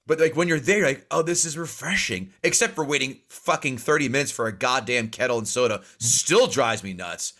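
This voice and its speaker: A man with a North Jersey accent telling animated stories in casual chat as a podcast host. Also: mid-range voice. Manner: fast, animated storytelling with swearing.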